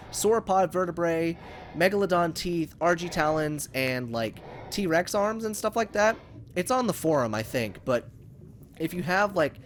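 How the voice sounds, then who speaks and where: Young male gaming host, rambling and excitable, close USB condenser mic, quite animated, slightly high voice. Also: a little hiss or hum. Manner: excitable, rambling, talks to viewers and to the creature. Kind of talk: casual gameplay commentary. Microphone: USB condenser microphone.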